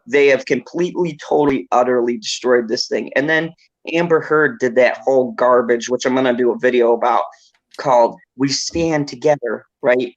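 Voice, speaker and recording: A man hosting a casual podcast, ranting excitedly and laughing often. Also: mid-range voice, normal speed, lo-fi sound.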